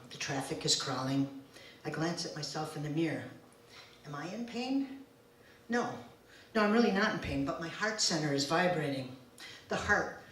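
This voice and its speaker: A woman in her forties telling a personal story live on stage, slow, deliberate and emotional in the first person. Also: lowish voice, a bit bright. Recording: very echoey room, distant mic, faint ambience.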